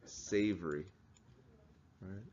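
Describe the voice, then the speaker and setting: A man's voice: sits low, very slow, a little mellow, highs cut off. A man teaching a class, explaining things in a conversational way and asking the students questions. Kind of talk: classroom lecture.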